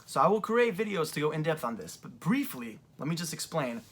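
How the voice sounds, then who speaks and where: A man's voice: on the high side, very animated, brisk, a bit bright, husky. Young man rambling through a casual recap. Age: young adult. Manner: rambling, filler-heavy retelling. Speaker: wrestling fan reviewer. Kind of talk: casual commentary vlog. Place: seated in a creaky chair.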